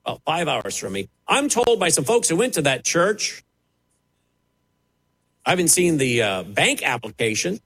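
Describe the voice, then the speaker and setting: Brief: male TV preacher, slightly higher voice, very animated swoops, emphatic sermon delivery. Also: moderate pace, pauses often, slightly rough. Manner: emphatic, dramatic preaching with sharp rises and falls. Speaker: television preacher.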